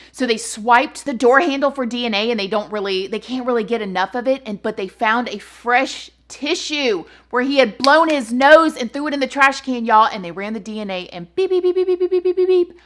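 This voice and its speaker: Bright, excitable woman telling true crime. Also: on the high side. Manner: excitable and chatty, keeps addressing viewers. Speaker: host. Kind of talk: casual true-crime storytelling.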